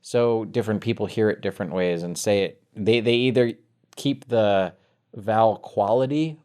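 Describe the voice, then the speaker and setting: Wry low-voiced male co-host. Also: normal speed, a little mellow, clear, resonant tone. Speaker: podcast co-host. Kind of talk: casual chat.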